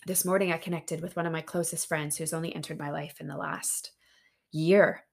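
A woman hosting a podcast, talking openly and earnestly in a casual, heartfelt monologue that turns excitable at times. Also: low-pitched, brisk, gravelly. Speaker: podcast host.

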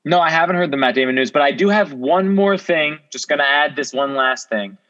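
A man's voice: fairly high pitch, lively intonation, a little fast, fairly bright tone. A young man co-hosting a podcast over a remote connection, earnest and a bit bewildered. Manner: earnest, bewildered, with frequent restarts. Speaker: podcast co-host. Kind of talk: casual podcast chat. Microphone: remote call. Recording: dull remote audio line.

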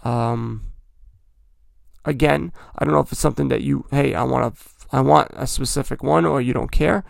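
A man's voice: medium pitch, fairly even intonation, normal speed, creaky, no room sound, clean studio sound. A man hosting a podcast, talking in a rambling, chatty way and correcting himself as he goes. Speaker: podcast host. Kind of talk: casual hobby talk.

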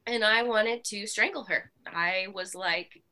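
A woman guest on a podcast telling her personal story in a candid, animated way, with many fillers. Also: mid-range voice, a little slow. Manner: animated, with frequent fillers and laughs.

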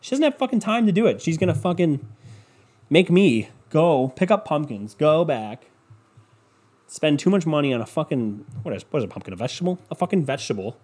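A man's voice: fairly high pitch, sing-song, a little fast, a little mellow, breathy edge. A young man hosting a solo podcast at home, rambling and swearing in a sarcastic, scatterbrained way. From Cleveland. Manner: scatterbrained, profane, sarcastic ranting. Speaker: podcast host. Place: home room with windows open.

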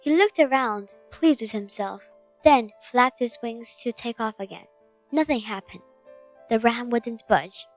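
Woman reading a fable, slow gentle storybook delivery, higher voice, dry close sound. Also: soft background music. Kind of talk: scripted narration of a fable.

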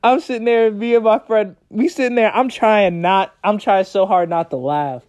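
A man's voice: high voice, moderate pace, a little mellow. A young man telling a personal story in a casual, slangy storytime vlog, laughing as he goes.

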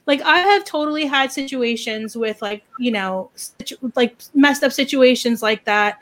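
A woman chatting casually as a podcast host, ranting in an animated, opinionated way. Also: high-pitched, normal speed, hardly any pauses. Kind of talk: casual chat.

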